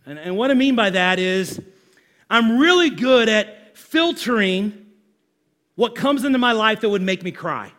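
A male pastor preaching a sermon to his congregation, animated and conversational, asking the room questions. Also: high-pitched, a little slow.

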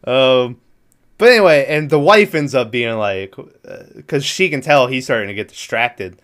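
A man's voice: medium pitch, lively intonation, moderate pace, a bit bright. A man casually recapping a movie plot in a rambling, profane way, laughing now and then. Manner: rambling, profane, laughs through his retelling.

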